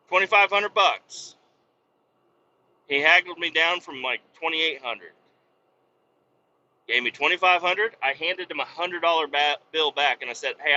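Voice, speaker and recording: A man hosting a podcast, ranting heatedly with constant swearing and bursts of yelling, recorded in the cab of a semi truck while driving. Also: a little high, a little hiss or hum. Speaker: podcast host. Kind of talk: profane ranting monologue. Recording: dull lo-fi recording.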